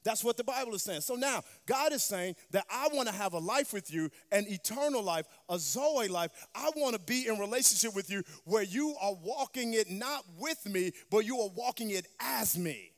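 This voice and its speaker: A woman's voice: medium pitch, animated, normal speed, hardly any pauses. Brief: woman preacher, sermon delivery, emphatic call-and-response, reverberant hall.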